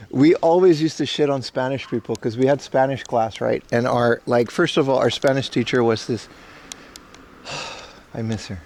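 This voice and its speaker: A man's voice: mid-range voice, a little mellow, slight background noise. Rambling man livestreaming outdoors. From Caribbean. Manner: chatty, rambling, joking with chat. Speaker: IRL livestreamer. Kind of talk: casual livestream chat. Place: outdoors walking through streets. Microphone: camera rig carried while walking.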